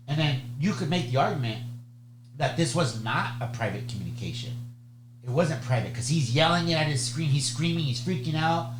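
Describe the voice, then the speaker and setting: A man's voice: mid-range voice, moderate pace, over music. A man giving a conversational exam lecture, chatty, often checking in with "okay?" and "right?". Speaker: bar exam tutor. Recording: echoey room with steady hum.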